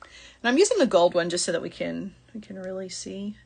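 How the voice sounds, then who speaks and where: A woman's voice: mid-range voice, animated, fairly quick, vocal fry, breathy edge. A middle-aged woman hosting a live jewelry-making shopping stream, chatty and apologetic, laughing often. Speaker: jewelry-making show host.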